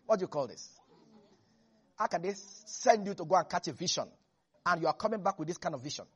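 A man preaching a lively sermon who acts out biblical figures and laughs often. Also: very high voice, a little fast.

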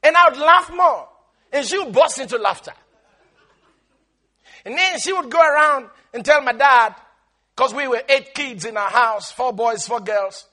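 A man preaching as a pastor has a very high, bright, slightly husky voice. He speaks animatedly but a bit slowly, leaving long pauses, and his pitch swings widely as he stretches words for emphasis before erupting into shouts.

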